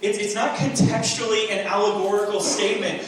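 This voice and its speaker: A man preaches from the pulpit in an earnest voice, slightly high for a man, asking rhetorical questions and pressing points with emphatic bursts. His voice rings through a very echoey sanctuary, picked up from some distance. Faint room hum sits underneath. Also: steady tone, moderate pace, hardly any pauses, fairly bright tone. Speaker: pastor. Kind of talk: sermon.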